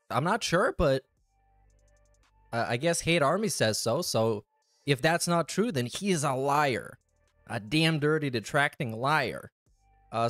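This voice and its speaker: A man's voice: a little high, a bit bright, no room sound, studio quality. A man hosting a casual commentary show, talking in a sarcastic, mocking way. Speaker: host.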